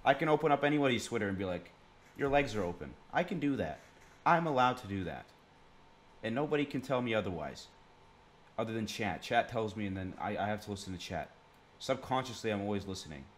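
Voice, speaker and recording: A man's voice: lowish voice, animated, fast. A young man streaming, giving crude, rambling reaction commentary full of swearing.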